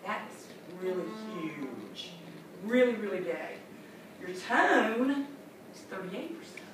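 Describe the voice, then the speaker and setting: A woman's voice: mid-range voice, very animated, slow pace. A woman trainer leading a classroom training session, upbeat and chatty, acting out little scenes. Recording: echoey room from far off, noisy.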